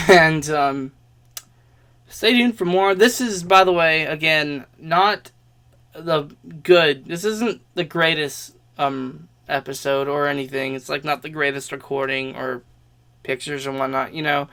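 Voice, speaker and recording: A man's voice: a little high, measured pace, bright, forceful tone, clean tone. A young man vlogging a rambling personal story in a casual way, swearing often and laughing between lines.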